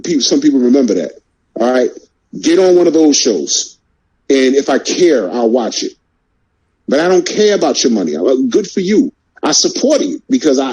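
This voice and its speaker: Fired-up man with a husky voice. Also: on the high side, darkish tone, highs cut off. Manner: fired-up, repeats words, rhetorical questions. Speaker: boxing show host. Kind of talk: casual boxing talk.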